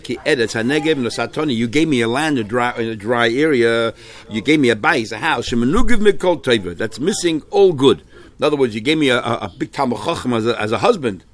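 A man's voice: medium pitch, animated, fairly quick. A man teaching a Talmud class in English, mixing in many Hebrew and Yiddish terms and often restarting his sentences. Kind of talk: Talmud shiur, explaining texts.

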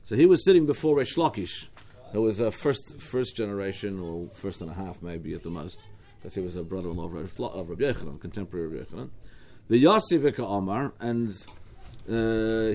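A man's voice: medium pitch, lively intonation, moderate pace, dark tone. Man, australian accent, talmud teacher, explains in a roundabout way with restarts. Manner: explanatory, with frequent restarts and asides. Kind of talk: Talmud study class.

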